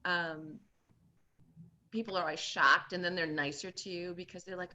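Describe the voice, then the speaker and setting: A middle-aged woman from the Midwest, hosting a casual chat with lively enthusiasm and frequent restarts. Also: on the low side, normal speed, pauses often, muffled recording. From born in Minnesota, raised in Iowa. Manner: animated, enthusiastic, many restarts. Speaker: host. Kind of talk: casual video-call chat.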